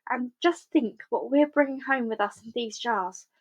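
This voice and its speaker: A woman voicing a cheerful, clever male fox in a storybook reading, bright and lively. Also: fairly high pitch, normal speed, muffled recording, natural voice. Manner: cheerful, sing-song.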